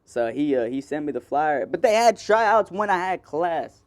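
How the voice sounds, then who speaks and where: A man's voice: fairly high pitch, very animated, normal speed. A man in his twenties hosting a solo podcast, rambling and self-mocking, laughing often as he talks. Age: 20s. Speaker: podcast host. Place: indoors, seated.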